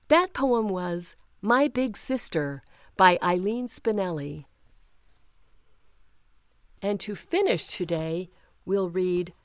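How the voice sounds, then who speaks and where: A woman reading children's picture books aloud, slow and expressive, giving the characters their own voices. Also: mid-range voice, no echo, clean studio sound. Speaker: children's storytime reader.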